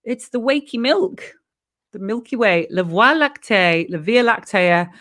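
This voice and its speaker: British woman, jokey, bubbly, hoarse, webcam live stream. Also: medium pitch, expressive, a little slow, fairly bright tone. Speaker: host.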